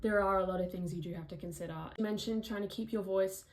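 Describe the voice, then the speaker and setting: A woman's voice: medium pitch, fairly even intonation, fast, rough recording. A young Australian woman with an Australian accent, recapping a singing lesson in a chatty vlog full of "like" fillers. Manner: chatty, frequent "like" fillers, demonstrates vocal sounds. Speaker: vlogger, musical theatre singer.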